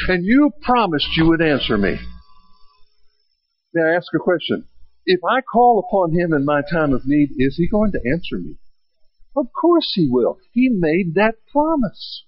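A man preaching a sermon, swelling with emphasis and slowing down on key phrases. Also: high voice, big pitch swings, breathy edge, no echo, muffled recording. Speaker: pastor.

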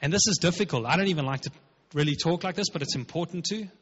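A man's voice: fairly high pitch, quick pace, husky. Man, pastor, emphatic sermon, conversational, long hall reverb, muffled recording. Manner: emphatic, conversational preaching with acted-out quotes.

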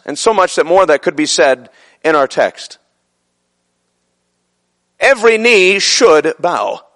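Guy preaching a sermon, high bright voice, gets fired up and loud. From son of a Brooklyn man. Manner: fervent, rising to shouted peaks.

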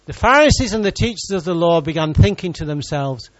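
A man's voice: a little high, expressive, brisk, dry recording, muffled recording. A man preaching a sermon in church, reading scripture and joking with the congregation.

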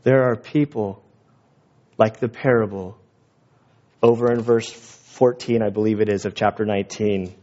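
A man preaching as a pastor, conversational and animated, with quick asides. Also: fairly low pitch. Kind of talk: sermon. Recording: dull lo-fi recording.

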